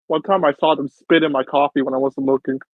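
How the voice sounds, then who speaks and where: A man's voice: a little high, steady tone, fast talker, dry recording, phone-quality sound. A man in a casual comedy podcast chat, making dry wisecracks. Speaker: podcast co-host.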